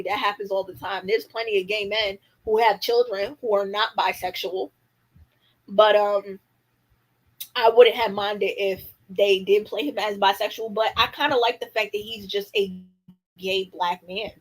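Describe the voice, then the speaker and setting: A woman's voice: mid-range voice, a bit bright, poor audio. A young woman hosting a casual livestream, candid and opinionated, talking in slang and answering viewer comments. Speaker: livestream host. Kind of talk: casual live-stream chat reacting to viewer comments.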